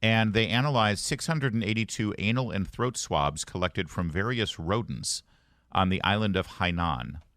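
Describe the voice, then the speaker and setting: Guy on morning talk radio, lowish voice, cracking wry jokes over the news, dry studio mic. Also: normal speed, a bit bright, no room sound. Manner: wry, joking, reads news items aloud. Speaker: radio talk show host.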